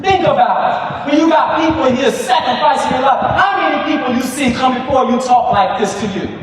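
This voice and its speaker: A man giving a fiery motivational speech to students in a school hall, preaching in call-and-response and often shouting. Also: very high-pitched, a little fast. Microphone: camera far from the speaker. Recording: echoey hall from far off, crowd noise.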